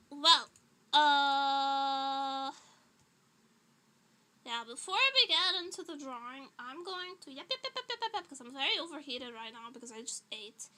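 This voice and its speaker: A chatty woman livestreamer with a high, piercingly bright voice. She rambles at an unhurried pace, laughing often and sounding a little out of breath. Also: expressive. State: slightly out of breath. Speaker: streamer. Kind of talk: casual livestream chat.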